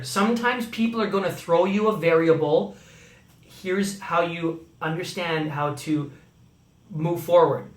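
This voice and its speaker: Upbeat coaching man in echoey room. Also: high-pitched. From Canada. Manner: upbeat coaching, frequent "okay?" check-ins. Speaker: sales trainer. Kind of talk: recorded training talk.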